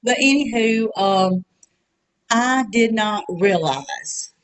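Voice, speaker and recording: A heartbroken woman, speaking alone at home in a raw confessional vlog, halting with many fillers and pauses, close to tears. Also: a little high, clean tone, low-quality recording. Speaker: vlogger. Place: her apartment.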